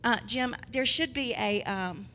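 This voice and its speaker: A woman preacher delivering a sermon, swinging between loud proclamation and quiet asides. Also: a little high, a little slow, a little hiss or hum. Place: church hall. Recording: long hall reverb.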